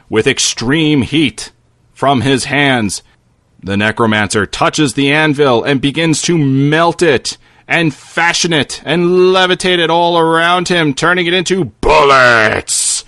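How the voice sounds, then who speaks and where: A man's voice: on the high side, takes it slowly, pushed and bright, no room sound, clean studio sound. A man narrating a comedic fantasy story in a theatrical, playful way.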